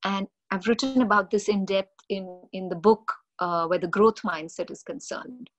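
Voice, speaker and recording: A middle-aged woman, a mindfulness coach giving an animated, expressive webinar talk on parenting. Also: mid-range voice, normal speed. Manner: expressive, animated storytelling with acted-out quotes.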